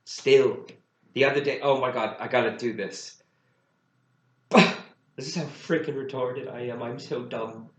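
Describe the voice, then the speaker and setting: A man co-hosting a casual chat podcast, telling stories with animated self-mockery and frequent laughter. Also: medium pitch, unhurried, pauses often, reverberant, rough recording. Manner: animated self-mocking storyteller, laughs often. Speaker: podcast co-host.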